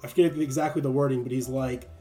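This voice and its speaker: Young man, casual faith chat, animated, laughs a lot, music faint behind. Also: medium pitch, fast. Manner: animated, laughing, acts out voices.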